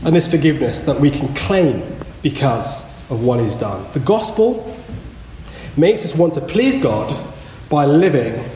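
A man preaching a sermon in a church, earnest and measured, leaning hard on key words. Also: mid-range voice, very animated, mellow, a little hiss or hum. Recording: echoey hall with long reverb.

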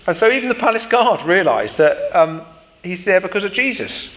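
A man's voice: high voice, very animated, normal speed, a bit bright, long reverb tail. A man preaching a sermon in an informal, explanatory way with frequent fillers.

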